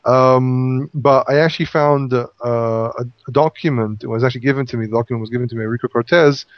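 A man's voice: medium pitch, steady tone, quick pace, no echo. A man casually teaching a Bible passage, explaining it in a loose, restarting way. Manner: explanatory, with frequent restarts and fillers. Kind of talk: casual Bible study discussion. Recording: dull lo-fi audio.

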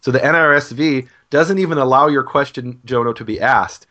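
A man's voice: mid-range voice, brisk, sharp tone. A man teaching Hebrew in a casual Bible study discussion, explaining grammar patiently. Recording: dull lo-fi sound.

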